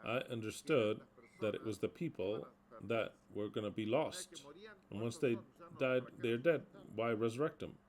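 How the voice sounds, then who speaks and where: A man's voice: medium pitch, a little slow, poor audio. A man preaching a sermon, reading scripture aloud and explaining it emphatically. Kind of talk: sermon teaching.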